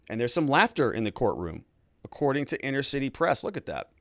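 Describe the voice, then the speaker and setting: A man giving commentary on a criminal trial, acting out courtroom questions in an animated, incredulous way. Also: medium pitch, a little fast, no room sound, studio quality. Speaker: legal commentator.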